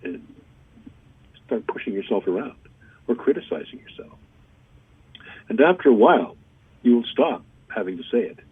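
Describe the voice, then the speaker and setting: A deep-voiced man with a husky tone coaches listeners in a calm, steady way, as a radio show guest. His voice comes over a dry, narrow phone line. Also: no echo. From Canada. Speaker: guest channeller. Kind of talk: gentle spiritual advice on a radio interview.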